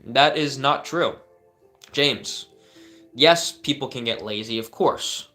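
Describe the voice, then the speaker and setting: A man's voice: mid-range voice, slow, bright, forceful tone, soft background music. A young man hosting a live stream, answering viewer questions with earnest coaching advice and frequent fillers and restarts.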